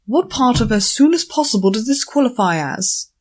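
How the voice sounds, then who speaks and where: A woman's voice: fairly high pitch, very animated, normal speed, voice pushed up. A woman voicing a prim, irritable scholarly unicorn pony who scolds her friend in an audiobook. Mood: exasperated. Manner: clipped, exasperated, scolding. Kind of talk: audiobook character voice.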